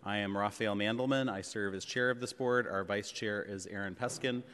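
A man chairing a public board meeting, speaking in a measured way with frequent fillers. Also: lowish voice, steady tone, fairly bright tone, smooth. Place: large legislative chamber. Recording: reverberant council chamber.

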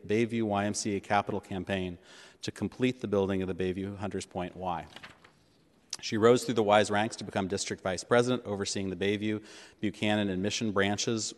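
A man presiding over a government board meeting, reading a formal commendation from prepared remarks. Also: lowish voice. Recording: long reverb of a meeting chamber.

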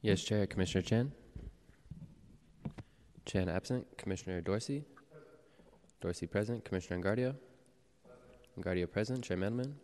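A man serving as board clerk, calling the roll and reading announcements in a formal, measured way in a city hall chamber. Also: lowish voice, darkish tone, a little hiss or hum. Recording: echoey chamber with long reverb.

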